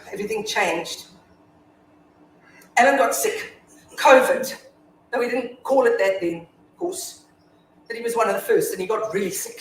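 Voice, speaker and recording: An actress playing a grieving, foul-mouthed widow in a staged reading, telling her story from hushed to shouting. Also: on the high side, a little hiss or hum, natural voice. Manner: confessional monologue, swinging from hushed to shouting. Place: theatre stage. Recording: echoey hall from far off.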